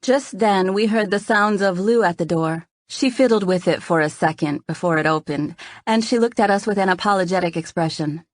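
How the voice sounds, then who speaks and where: A woman narrating a first-person romance novel in a soft, intimate reading. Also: fairly low pitch, normal speed, hardly any pauses, dry recording, clean studio sound. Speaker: audiobook narrator.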